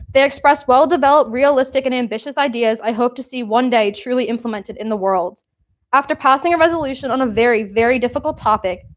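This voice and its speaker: Young woman, committee chair, award speech, emotional, slightly high voice. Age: young adult. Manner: emotional, trying not to cry.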